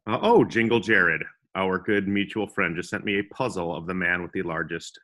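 A man's voice: deep voice, moderate pace, hardly any pauses, sharp tone. A young man co-hosting a comedy podcast, joking around and slipping into silly voices. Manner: goofy, puts on silly voices. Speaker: podcast co-host.

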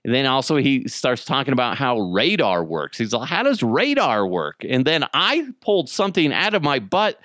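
A man's voice: medium pitch, big pitch swings, normal speed, hardly any pauses, pushed and bright, dry recording, studio quality. A man in his thirties hosting a podcast, telling a story in a loose, casual way with plenty of swearing. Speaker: podcast host.

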